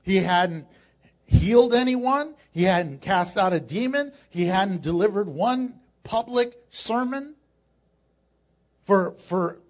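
A male pastor preaching a sermon in a church, animated and joking with laughing asides. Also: sits high, slow pace, highs cut off.

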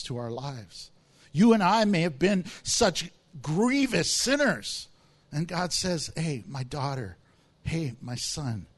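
High-voiced man preaching a lively sermon. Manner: animated, acts out voices of people in the story. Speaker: pastor.

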